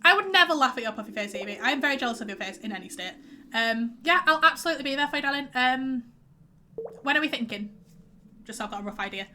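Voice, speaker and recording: A woman's voice: high-pitched, expressive, fast talker, bright, forceful tone, a little hiss or hum. A young woman streaming a game, chatting in a rambling way with many fillers and reading out chat messages. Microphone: headset.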